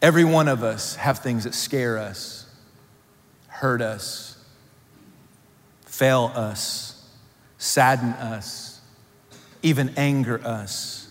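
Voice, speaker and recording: A male pastor preaching a sermon, swinging between loud emphatic lines and hushed, low ones. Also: slow, pauses often. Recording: long hall reverb.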